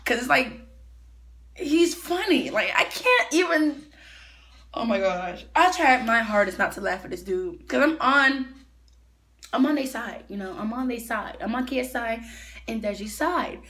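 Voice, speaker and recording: A woman's voice: on the high side, expressive, measured pace, fairly bright tone. A woman chatting casually as she reacts to a video, giggly and full of fillers.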